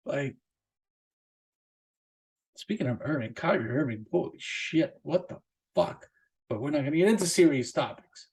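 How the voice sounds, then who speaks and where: A man talks by himself on his own podcast in a loose, rambling rant. His speech is thick with swearing, fillers and false starts, and his pitch leaps upward whenever he hammers a point home. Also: husky. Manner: profane, rambling, with many fillers and restarts; animated, jumping up in pitch for emphasis. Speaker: podcast host. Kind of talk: casual solo rant.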